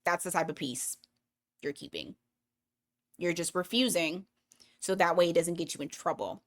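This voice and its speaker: A woman's voice: lowish voice, normal speed, pauses often. Lady doing a chatty tarot reading, swears a lot, talks it out as she goes. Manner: blunt, profane, chatty, thinks aloud with restarts. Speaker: tarot reader.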